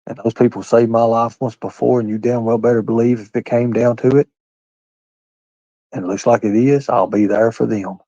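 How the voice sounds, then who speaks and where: Guy ranting on his livestream, dark mellow voice, swears a lot, preachy and blunt, dry dull lo-fi sound. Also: mid-range voice, fairly even intonation, normal speed, no echo. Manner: folksy Southern-style phrasing with "by God" and "ain't". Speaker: livestream host. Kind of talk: heated livestream rant.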